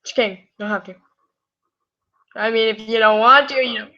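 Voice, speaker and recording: A woman's voice: a little high, steady tone, brisk, pushed and bright. Tired, giggly young woman, muffled. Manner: giggly, rambling, apologetic asides. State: tired with a scratchy throat. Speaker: streamer reading fan fiction. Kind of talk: casual live-stream reading. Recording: muffled lo-fi audio.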